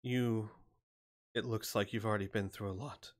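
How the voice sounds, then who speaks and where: A man's voice: lowish voice, fairly even intonation, natural voice. A man voicing a weary solemn cleric. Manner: slow, grave, quiet. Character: weary, solemn male cleric, middle-aged.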